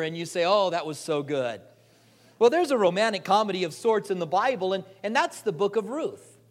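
High-voiced man preaching in a casual storytelling way. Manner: animated, jokey, acts out the characters' lines; frequent repeated "and, and" restarts. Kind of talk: conversational sermon storytelling.

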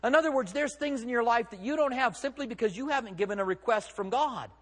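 A man's voice: very high voice, fast talker, big-room sound. A man preaching a sermon as pastor, conversational and emphatic, with rhetorical questions.

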